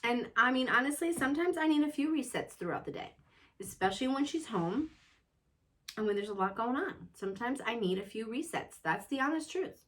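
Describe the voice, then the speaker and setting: A woman's voice: on the high side, animated, fairly quick, fairly bright tone. A woman hosting a casual chat about motherhood, talking in an earnest, self-reflective way and often checking in with "you know.". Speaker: mother and show host.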